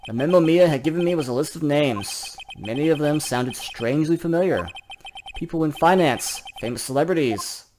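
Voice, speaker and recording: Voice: mid-range voice, lively intonation, darkish tone, a little hiss or hum. A let's player reading a courtroom game's dialogue aloud and voicing every character in turn. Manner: voices every character in turn, with quick asides. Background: game music.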